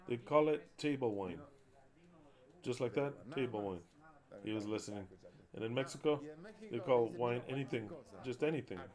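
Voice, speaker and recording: A man's voice: mid-range voice, moderate pace, long pauses, a crowd in the background. Blunt man preaching. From Argentina. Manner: blunt and emphatic, repeats words, curses. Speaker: minister. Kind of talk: live commentary answering viewer comments.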